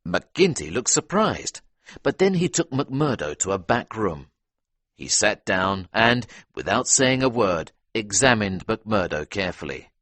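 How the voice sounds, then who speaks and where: A man narrating a storybook for English learners in an even, clear reading. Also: fairly low pitch, measured pace, dry recording.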